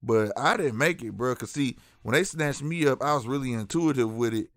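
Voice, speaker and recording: A man's voice: mid-range voice, expressive, a little fast, fairly bright tone, dry recording, studio quality. A man with a St. hosting a talk stream, chatting loosely to his live chat and dropping "bro" and "you know what I'm saying" all the time. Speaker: streaming show host.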